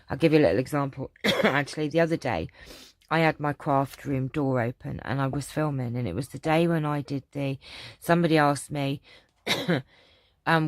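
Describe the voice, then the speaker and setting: A woman's voice: very deep voice, normal speed, no echo, clean studio sound. A woman chatting casually on her craft vlog, rambling with lots of ums and restarts as she answers viewer questions. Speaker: craft channel vlogger.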